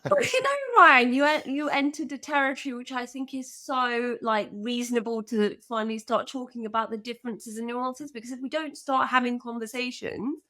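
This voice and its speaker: A woman's voice: a little high, moderate pace, hardly any pauses, pushed and bright. Bubbly, gushing female podcast co-host. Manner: bubbly, gushing, laughs often. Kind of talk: casual chat.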